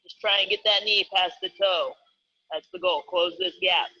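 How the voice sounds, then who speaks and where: A man's voice: high-pitched, fairly even intonation, normal speed, sharp tone, breathy edge, dull audio. A man coaching a live online workout, calling out exercises and reps in an upbeat, joking way. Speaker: fitness coach.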